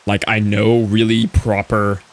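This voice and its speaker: A man's voice: fairly low pitch, monotone, a little slow. A man streaming a game, chatting casually with viewers and answering their messages as he plays. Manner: chatty, answers chat, thinks aloud. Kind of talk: casual live-stream chat while gaming.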